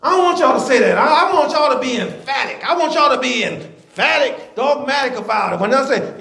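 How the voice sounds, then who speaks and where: Man, older pastor, folksy emphatic sermon, swooping animated voice, roomy church sound. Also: very high voice, fairly quick, vocal fry, few pauses. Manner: folksy, emphatic preaching with call-and-response and chuckles. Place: church sanctuary.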